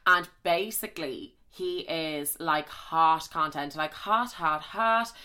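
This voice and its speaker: A young Irish woman hosting a podcast, telling a story in a rambling, animated way full of swearing and asides, close on the mic. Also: deep voice, slow pace, smooth. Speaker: podcast host. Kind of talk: casual storytelling chat. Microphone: close studio mic with popping.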